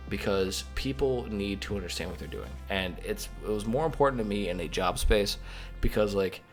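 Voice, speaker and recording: A man with a fairly low voice talks through a stream update in loose, rambling chat. He gets animated, throws in a swear or two, and answers viewers as he goes. Faint music plays quietly behind him. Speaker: mod developer hosting a stream update. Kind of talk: casual livestream chat.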